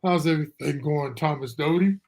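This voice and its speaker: Male talk show host, casual live stream, rough raspy edge to the voice, chatty and folksy. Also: on the high side, brisk, a little mellow. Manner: chatty and loose, with folksy asides. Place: remote virtual studio.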